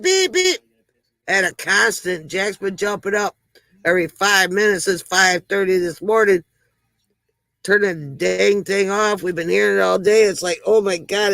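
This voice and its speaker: A woman's voice: on the low side, a bit bright, no room sound, low-quality recording. A woman hosting a casual livestream, chatting with viewers, greeting them by name and telling corny jokes. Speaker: livestream host.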